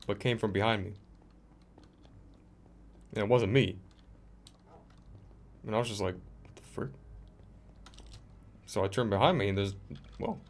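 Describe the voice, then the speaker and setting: A young man casually telling a story while playing a game, rambling with many restarts and filler words. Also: on the low side. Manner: rambling, lots of "like" and restarts, animated retelling. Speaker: gaming vlogger. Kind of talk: casual storytelling over gameplay. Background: faint background music.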